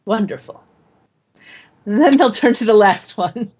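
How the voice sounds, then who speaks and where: Halting, giggly woman player. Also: a little high, animated, darkish tone, a little hiss or hum. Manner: halting, giggly, many fillers. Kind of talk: tabletop game chat. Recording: dull lo-fi sound.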